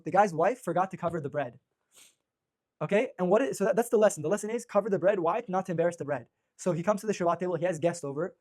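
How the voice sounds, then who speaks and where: Male rabbi giving a casual lecture, quick delivery, higher-pitched voice, lots of "you know" and restarts. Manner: energetic, rapid, many restarts and fillers. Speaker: rabbi teaching a class. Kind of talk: informal religious lecture.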